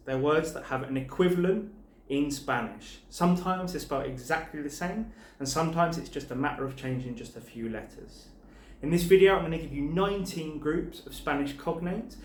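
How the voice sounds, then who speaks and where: A man teaching a language lesson, spelling out word endings letter by letter and pairing each word with its translation in a clear, measured way. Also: mid-range voice, echoey room, slight background noise. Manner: clear, slow spelling-out of letters and paired words. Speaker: Spanish teacher.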